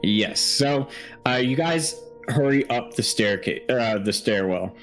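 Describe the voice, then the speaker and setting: Halting man running a horror game. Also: medium pitch, a bit bright, soft background music. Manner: halting, stammering restarts. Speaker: game master. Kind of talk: narrating a tabletop horror game.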